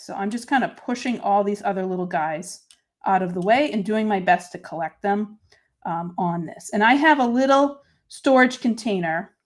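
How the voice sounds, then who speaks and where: A woman hosting a live papercrafting stream, chatting casually as she narrates each step and greets viewers by name. She is self-deprecating and talks as she works with her hands. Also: medium pitch. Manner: answers viewer comments by name.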